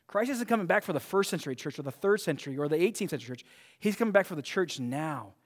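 A man's voice: on the high side, lively intonation, fast, big-room sound. A man preaching a sermon as pastor, emphatic and often restarting his phrases.

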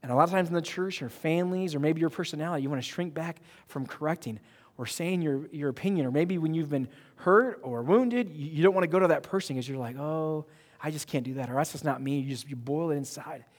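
A man preaching a sermon as pastor, animated and emphatic, joking with his congregation. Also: on the high side, fast, in a large hall. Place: church sanctuary.

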